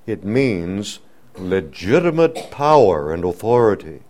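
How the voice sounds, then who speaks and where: A man preaching a sermon, teaching slowly and deliberately, building to emphatic swells on key words. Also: lowish voice, expressive, a little mellow.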